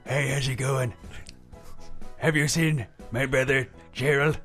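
The offhand, casual brother of a drifter, as a man puts him on in a comedy bit. His voice sits at a middle pitch. Faint music plays in the background. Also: fairly even intonation, takes it slowly, a bit bright.

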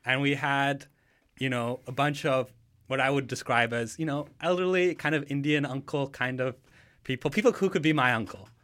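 A man's voice: mid-range voice, moderate pace. A man co-hosting a podcast in casual chat, rambling with lots of fillers and restarts. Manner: relaxed, rambling with many fillers. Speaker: podcast co-host.

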